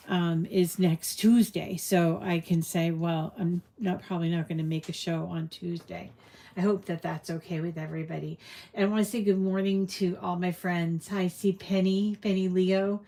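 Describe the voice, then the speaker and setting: A woman's voice: lowish voice, dark tone. Chatty New woman hosting a craft stream. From New England. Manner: chatty, rambling, many ums and restarts. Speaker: crafting livestream host. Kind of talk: casual live-stream chat.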